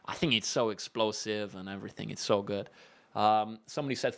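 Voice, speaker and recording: A young man with a British English accent chats through viewer questions on a maths tutoring livestream. His talk is loose and friendly, with frequent fillers and self-corrections. He sounds like a relaxed tutor at ease with his audience. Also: on the low side, brisk, creaky. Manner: relaxed, chatty, many fillers and restarts. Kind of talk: casual livestream Q&A.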